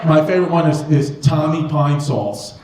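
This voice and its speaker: A man's voice: a little high, normal speed. A man doing stand-up comedy in a club, rambling and swearing as he banters with the crowd. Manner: profane, rambling, self-mocking banter with the audience. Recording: echoey club with audience noise.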